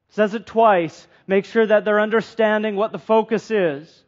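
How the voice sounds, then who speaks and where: A man with a high-pitched voice preaches an earnest sermon, questioning the congregation and repeating phrases for emphasis. His intonation stays fairly even, his pace is normal, and he barely pauses. The lo-fi recording sounds dull.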